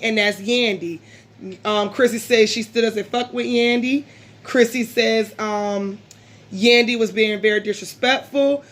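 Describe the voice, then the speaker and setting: Chatty woman giving a blunt TV recap. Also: fairly high pitch. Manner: chatty and opinionated, frequent ums. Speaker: reality TV recap vlogger. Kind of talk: casual spoken episode review.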